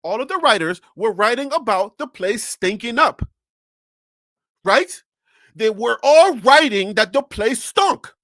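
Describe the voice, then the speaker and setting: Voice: medium pitch, animated, unhurried, a bit bright, dry recording, clean studio sound. A sports talk host on a live stream who rants animatedly, fires off rhetorical questions and repeats phrases, speaking into a desk USB microphone.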